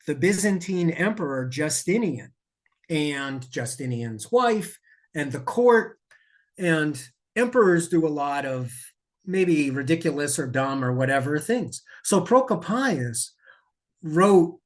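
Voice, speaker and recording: A man speaking as a podcast guest, telling a story in a lively, digressive way with asides and self-corrections. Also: on the high side. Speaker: podcast guest, safety expert. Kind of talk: conversational storytelling.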